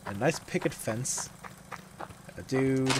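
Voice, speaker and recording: A man giving casual gameplay commentary at home, reacting out loud, swearing, and reading the game's lines aloud. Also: mid-range voice, expressive, slow pace, noisy background. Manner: reactive, swears, reads game dialogue aloud. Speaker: let's play gamer. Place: home room. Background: game music.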